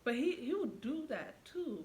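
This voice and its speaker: A woman's voice: high voice, unhurried. Young woman telling a storytime. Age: young adult. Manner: animated storyteller who acts out quoted dialogue; chatty, addresses viewers directly. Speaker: vlogger. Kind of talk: storytime vlog, casual retelling.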